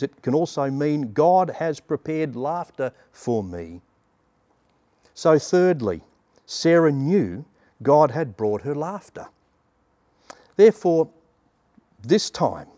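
A man's voice: medium pitch, no room sound. Earnest male preacher, dry close sound. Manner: earnest, dramatic pauses, soft hushed dips. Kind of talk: sermon.

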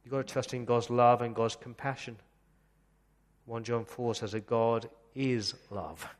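A man preaching a sermon as pastor, earnest, slowing down to read scripture passages aloud. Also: mid-range voice, level tone, in a large hall. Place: church.

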